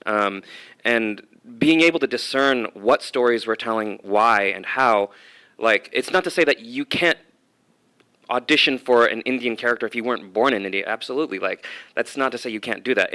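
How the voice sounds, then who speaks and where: A man's voice: mid-range voice, bright, forceful tone. A man from the United States, an actor and dramaturg, speaking thoughtfully on a panel with some hesitations. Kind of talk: reflective panel talk.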